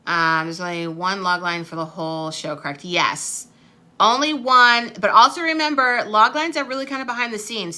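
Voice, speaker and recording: A woman's voice: mid-range voice, pushed and bright. A woman teaching a TV production class on a livestream, chatty and upbeat as she reads out viewers' comments. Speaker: TV production instructor. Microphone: phone or webcam on livestream.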